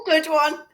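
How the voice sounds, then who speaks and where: A woman co-hosting a podcast, bubbly and quick to laugh out loud. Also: extremely high pitch. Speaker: podcast co-host. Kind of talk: casual podcast chat.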